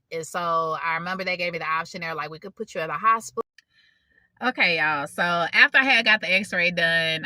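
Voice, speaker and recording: A woman shares a personal testimony in a loose, conversational way. She speaks to her viewers as y'all and often restarts her sentences. Her voice is bright and sits a little low, and the recording is dry and close. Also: no room sound. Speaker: faith vlogger. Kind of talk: personal testimony, casual storytelling.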